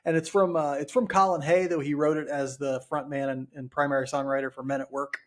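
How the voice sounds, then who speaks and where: A man's voice: fairly high pitch, little pitch movement, fairly quick. Wry man joking on a sports podcast. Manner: wry, joking, dry asides. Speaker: podcast co-host. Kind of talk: casual sports chat.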